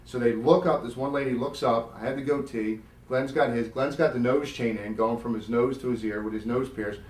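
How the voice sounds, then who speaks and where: A former wrestler from South Jersey, middle-aged, tells stories as an interview guest in a medium-pitched voice at a fairly quick pace. Animated and freely profane, he acts out the vivid quotes. The mic is distant and the sound roomy.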